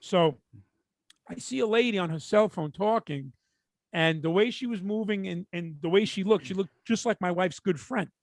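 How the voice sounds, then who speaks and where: High-voiced profane New man. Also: moderate pace, no echo, clean studio sound. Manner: profane, animated storytelling. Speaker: podcast co-host. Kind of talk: casual podcast chat.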